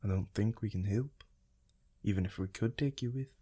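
A man voicing a flustered young man who anxiously tries to calm everyone down. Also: on the low side, normal speed, husky. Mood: placating, anxious. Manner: placating, anxious. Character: flustered young man trying to keep peace.

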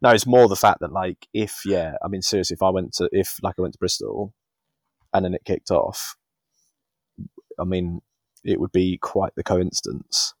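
A man in his thirties chats loosely on a podcast, wandering through his thoughts and laughing at himself. His voice sits low, and it is recorded dry and close with no room sound. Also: moderate pace, dry recording. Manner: rambling, chuckling, self-deprecating. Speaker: podcast co-host. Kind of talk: casual podcast chat.

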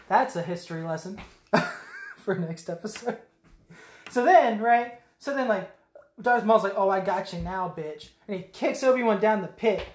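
A woman's voice: mid-range voice, unhurried, pauses often, echoey room, a little hiss or hum. A woman casually recapping a film on a podcast, swearing often and acting out scenes with silly voices and sound effects. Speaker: podcast co-host.

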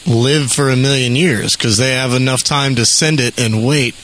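A man's voice: medium pitch, moderate pace, fairly bright tone, slight background noise, rough recording. A man co-hosting a casual podcast chat, asking curious questions and laughing easily.

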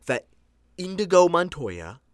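A podcast co-host in casual chat, playful and teasing with quick reactions. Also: mid-range voice, very animated, dry recording, studio quality.

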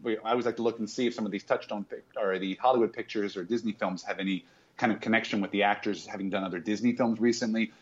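A man's voice: fairly low pitch, highs cut off. Chatty man hosting a movie podcast. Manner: chatty, stumbles and restarts often. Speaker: podcast host. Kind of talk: casual movie podcast chat.

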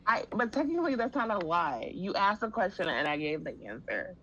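A woman co-hosting a podcast in casual chat, calm, dry and amused. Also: on the low side, a little fast, dull audio, a little hiss or hum. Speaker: podcast co-host.

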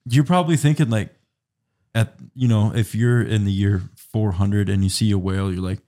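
Lower-voiced young man cracking crude jokes. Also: normal speed, warm tone. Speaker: podcast co-host. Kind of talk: casual podcast chat.

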